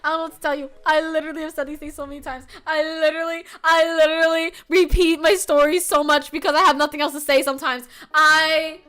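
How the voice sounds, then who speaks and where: A young adult woman streamer chatting casually with her viewers, loud and animated, often yelling and laughing, with a sore throat. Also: sits high, quick pace, few pauses, soft background music. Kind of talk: casual live-stream chat.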